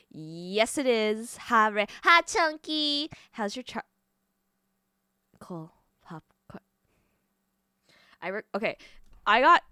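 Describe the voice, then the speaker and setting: Bright, smooth-voiced young woman streamer. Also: a little high, no echo, clean studio sound. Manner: rambling, swearing, quick self-corrections. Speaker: livestreamer. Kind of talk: casual stream chat.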